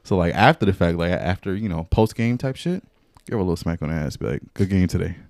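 A young man chatting casually on a podcast, telling an animated story full of slang and frequent laughs. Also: sits low, fast. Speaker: podcast co-host. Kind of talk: casual chat.

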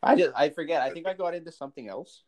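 A Canadian man as a guest on a casual podcast, telling stories in an animated, upbeat way. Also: fairly high pitch, fast talker. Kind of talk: casual chat.

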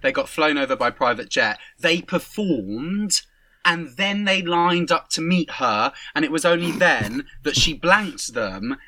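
A man's voice: mid-range voice, sharp tone, no room sound. A man co-hosting a podcast in casual chat, laughing often and tripping over repeated words. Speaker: podcast co-host.

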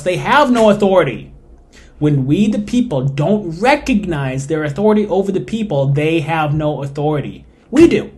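Emphatic, opinionated podcast host, slightly high voice. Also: male voice. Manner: emphatic and opinionated, swinging between loud stresses and quiet asides; suppressing laughter while reading. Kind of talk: solo political commentary.

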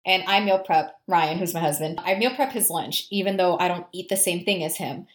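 Animated woman storyteller in a roomy space. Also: lowish voice, a little fast. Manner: animated storyteller, acts out quoted dialogue. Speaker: podcast co-host. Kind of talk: casual chat. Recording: roomy echo.

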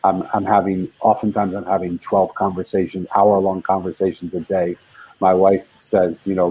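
A man's voice: low-pitched, level tone, normal speed, dark tone, slightly rough, poor audio. An older man, a guest author, telling a heartfelt story in an interview with earnest, building intensity.

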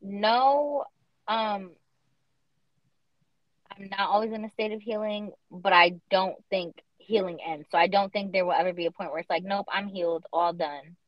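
A woman's voice: mid-range voice, steady tone, normal speed, no room sound. Young woman, podcast co-host: casual, emphatic, slangy; dull lo-fi audio. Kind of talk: casual chat.

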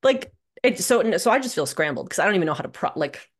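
A young adult woman telling a personal story as a podcast guest, animated and sardonic, swearing freely. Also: lowish voice, fast, breathy edge. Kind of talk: candid conversational storytelling. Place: living in Minnesota.

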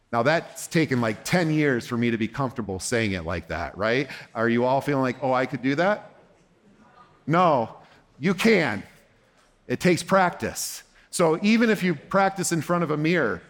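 A man speaking to a conference audience as a therapist, conversational and gentle, acting out short dialogues in quoted lines. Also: medium pitch, animated, moderate pace. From United States. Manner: gentle, reassuring when voicing the counselor. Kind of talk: conference talk.

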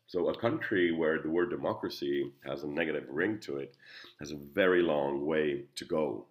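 Middle-aged Czech-accented male commentator, extremely low voice, earnest and halting delivery. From Czech Republic. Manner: earnest, halting, with frequent restarts. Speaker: lecturer and commentator. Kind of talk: reflective spoken commentary.

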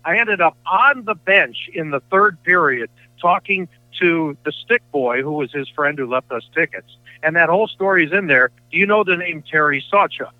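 A man's voice: fairly high pitch, moderate pace, no echo. An older man, a sports broadcaster appearing as a guest, telling rambling anecdotes in casual chat with frequent self-corrections. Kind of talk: storytelling in casual conversation. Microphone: phone line. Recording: tinny dry phone line.

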